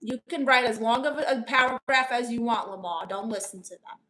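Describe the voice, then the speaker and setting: A woman's voice: a little high, a little fast, fairly bright tone. A woman with a New York accent on a live stream, reading viewers' comments aloud and answering them as a chatty, playful aunt who calls people honey. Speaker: live streamer giving advice.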